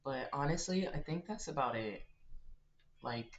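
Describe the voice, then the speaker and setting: A man's voice: medium pitch, expressive, a little slow, fairly bright tone. A chatty man talks to his viewers while he plays a game on a live stream. He giggles between thoughts, calls his audience y'all, and stays easygoing. His voice sits in a middle range and sounds a little roomy and dull. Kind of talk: casual live-stream chat while gaming.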